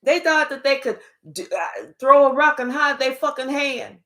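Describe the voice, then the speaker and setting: A woman with a high, bright voice delivers a tarot reading monologue. She is blunt and emphatic, swears freely and keeps firing rhetorical questions at her listener. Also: fairly even intonation, normal speed. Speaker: tarot reader.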